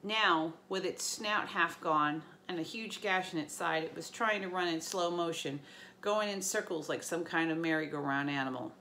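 Female teacher reading a chapter aloud to sixth graders, lively and bright. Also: lowish voice, a little hiss or hum. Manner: lively storytelling with small slips. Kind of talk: reading a novel aloud to students.

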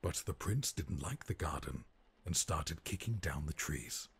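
A man voicing a solemn, gentle storybook narrator who reads a rhyming bedtime tale in a slow, lilting way. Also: extremely low pitch, expressive, vocal fry, breathy edge, heavily acted. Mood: storytelling.

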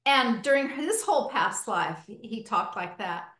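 A woman's voice: a little high, animated, moderate pace, a bit bright. A woman hosting a podcast conversation, telling stories from her hypnotherapy sessions with enthusiasm. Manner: enthusiastic, storytelling. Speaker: hypnotherapy practitioner and host. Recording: echoey room.

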